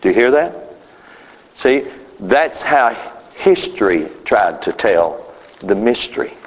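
Slow, swooping preacher man in hall. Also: big pitch swings. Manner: emphatic, drawn-out phrasing with sudden pitch swings. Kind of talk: sermon. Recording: dull sound with long hall reverb.

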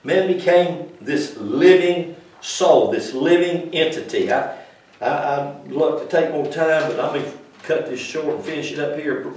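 A man preaching an informal sermon, moving between loud emphatic passages and quiet explanation, with folksy grammar. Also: on the high side, measured pace. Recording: echoey room, mic far off.

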